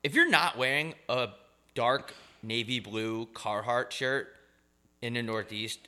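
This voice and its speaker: Bright-toned young male co-host, sweary, mocking, prone to loud bursts. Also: medium pitch, slow. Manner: ranting, profane, mocking, swings loud. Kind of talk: casual comedic banter.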